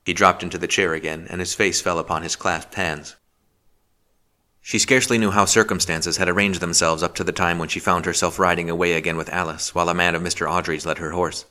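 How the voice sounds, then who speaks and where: A man reading a novel aloud as an audiobook narrator, measured and steady. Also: deep voice. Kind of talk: scripted narration.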